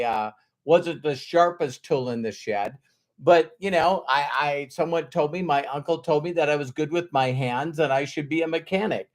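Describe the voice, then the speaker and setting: A man from North Dakota hosting a live stream as a motivational speaker, greeting viewers by name and repeating his key lines in an earnest, emotional way. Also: a little high. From North Dakota, USA. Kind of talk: casual live-stream talk.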